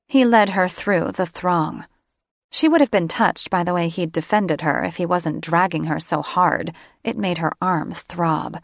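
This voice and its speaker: A woman narrating a fantasy romance audiobook in a slow, measured way, recorded close in a booth. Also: fairly low pitch, vocal fry, no echo.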